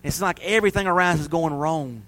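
A man preaching a sermon, telling stories and building to loud, fervent peaks. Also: on the high side, quick pace, poor audio.

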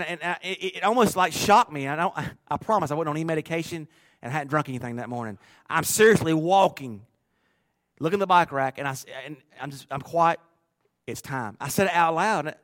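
A middle-aged man preaching a sermon in a church, rising to loud bursts and dropping to soft, low asides. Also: dry recording, studio quality. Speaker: pastor.

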